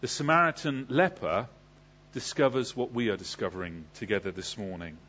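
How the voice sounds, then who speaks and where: A man's voice: lowish voice, moderate pace, fairly bright tone, husky, highs cut off. A man preaching a sermon. He asks the congregation questions and then answers them. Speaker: pastor.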